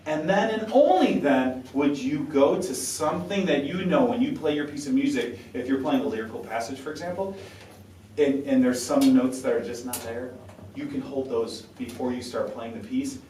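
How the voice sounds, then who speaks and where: A man's voice: mid-range voice, mellow, slight background noise. A man coaching a saxophone quartet, talkative and encouraging, sounding out syllables to demonstrate. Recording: roomy sound from a distance with faint ambience.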